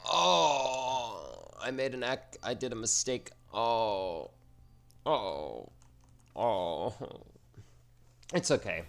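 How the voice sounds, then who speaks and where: A man's voice: mid-range voice, big pitch swings, very slow, gravelly, long pauses. A man giving casual, rambling commentary over his own gameplay, self-mocking and slangy as he plays. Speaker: gaming channel host.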